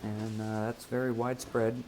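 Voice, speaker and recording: A man speaking as the subject of a documentary in a measured, deliberate way. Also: fairly low pitch, level tone, darkish tone, slight background noise. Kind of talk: documentary narration.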